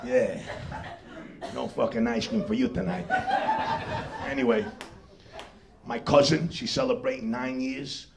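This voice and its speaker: A man's voice: medium pitch, measured pace, creaky, long pauses, heavy background noise. A man doing a brash, profane live stand-up set in a comedy club. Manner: brash, profane street-talk delivery with put-on voices. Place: comedy club stage with laughing audience.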